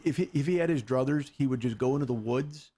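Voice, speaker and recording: A man's voice: mid-range voice, fast, mellow, slightly rough. A man in his forties, a podcast host, telling rambling, profane stories in casual chat, laughing as he goes. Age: 40s. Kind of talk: casual comedic storytelling.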